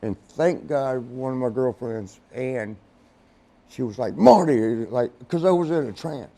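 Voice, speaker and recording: This is a middle-aged man with a warm, relaxed timbre, recounting backstage tales in a studio interview. He rambles and restarts, curses casually, and laughs often. When he quotes others, he acts out their voices. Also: medium pitch, measured pace. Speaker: interview guest, former wrestler.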